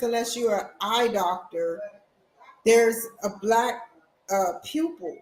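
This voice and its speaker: A woman's voice: medium pitch, echoey room, rough recording. A woman vlogging at home, chatting casually and rambling straight to her viewers. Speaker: vlogger, college student. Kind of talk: casual chat to camera. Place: at home, indoors.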